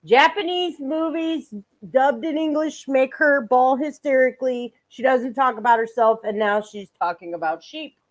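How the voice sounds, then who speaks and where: A woman's voice: high-pitched, normal speed. A woman hosting a livestream, reacting with sarcastic, profane commentary and frequent laughter. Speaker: livestream host reacting to a clip.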